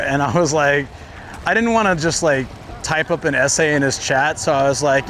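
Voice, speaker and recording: A man speaking at normal speed, his voice on the high side and fairly bright, livestreams as he walks outdoors in the city. Amid traffic and street noise, his casual talk drifts into rambling stories stuffed with fillers.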